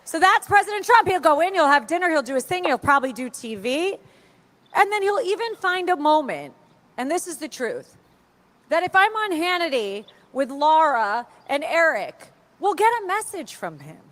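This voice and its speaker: A woman telling animated stories to a crowd and acting out the voices of the people she quotes. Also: sits high, moderate pace. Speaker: speaker at an event. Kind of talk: storytelling speech to a crowd.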